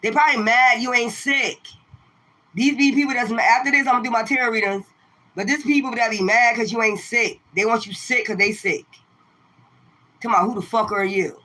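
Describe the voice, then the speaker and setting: A woman's voice: fairly high pitch, brisk, sharp tone. A woman streaming live to her viewers, ranting in a profane, confrontational way and firing the same rhetorical questions again and again. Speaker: tarot reader livestreamer. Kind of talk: livestream rant to viewers.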